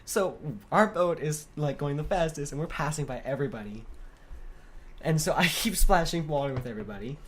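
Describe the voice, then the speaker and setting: A man's voice: on the high side, fairly quick, fairly bright tone, a little hiss or hum. A young man co-hosting a casual podcast, rambling through a funny story and laughing often. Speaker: podcast co-host.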